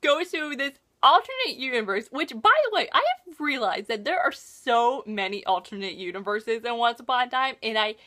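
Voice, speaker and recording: A young woman vlogger recapping a TV episode in casual chat, gushing and excitable, with lots of "like" fillers. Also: on the high side, moderate pace, few pauses.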